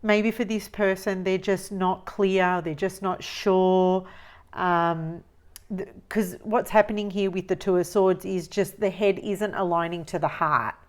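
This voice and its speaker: A woman with a mid-range, fairly even voice gives a tarot reading, musing slowly over the cards and repeating phrases as she goes.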